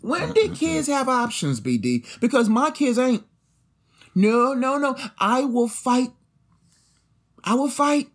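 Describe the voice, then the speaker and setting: Young guy on a podcast, husky voice, super animated, slangy, swings his pitch all over. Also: takes it slowly, long pauses. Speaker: podcast co-host. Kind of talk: casual chat.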